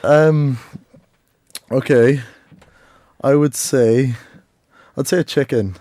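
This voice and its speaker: A man's voice: mid-range voice, takes it slowly, mellow, no echo. A young man from Wales, chatting casually as a radio guest, rambling and hesitant. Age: young adult. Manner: hesitant, rambling, self-deprecating. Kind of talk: casual chat.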